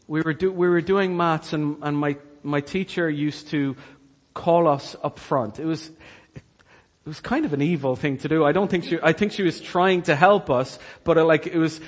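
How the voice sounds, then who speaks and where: Pastor, male, slightly raised pitch, husky, unhurried sermon delivery, hall reverb. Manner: slow, earnest storytelling with hushed quoted lines.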